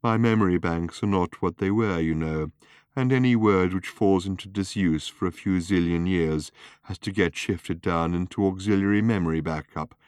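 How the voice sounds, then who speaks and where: Male reader's worn-out gloomy robot: deep, slow, hollow and groaning, dry booth sound. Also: darkish tone, clean tone, no room sound, lightly acted. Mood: mournful. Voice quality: hollow rattle. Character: ancient gloomy male robot, rusty, self-pitying.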